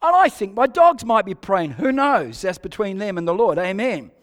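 A man with an Australian accent preaching a sermon as a pastor, emphatic, repeating key phrases and moving between loud and hushed delivery. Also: sits high, very animated, normal speed, in a large hall.

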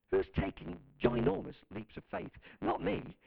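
Male pastor, emphatic sermon delivery, slightly high gravelly voice, lo-fi recording. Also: wildly swooping pitch, moderate pace, hardly any pauses. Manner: fervent, emphatic preaching with calls to the congregation.

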